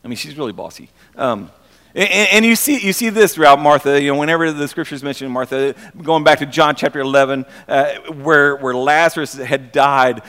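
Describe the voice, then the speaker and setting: A man with a high voice preaches a conversational sermon, animated and prone to restating his words for weight. His voice rings with a long hall reverb. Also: fairly quick. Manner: animated, repeats phrases when emphasizing. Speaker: pastor.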